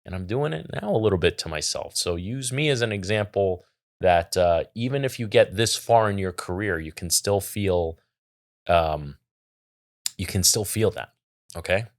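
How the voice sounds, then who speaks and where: Reading out viewer questions and giving sincere advice, this middle-aged podcast co-host keeps the chat casual. He speaks at a moderate pace in a low voice with lively intonation.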